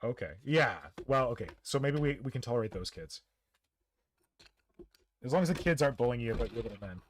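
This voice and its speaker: A man's voice: mid-range voice, expressive, brisk, slight background noise. A man hosting a hobby stream in casual, joking chat that rambles at times. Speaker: stream host.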